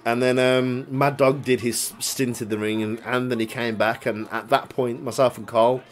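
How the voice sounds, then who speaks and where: A man's voice: mid-range voice, steady tone, normal speed. A young man tells a story in casual chat, swearing a lot and laughing along as he goes. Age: young adult. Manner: swears a lot, recounts a grudge; laughs while telling the story.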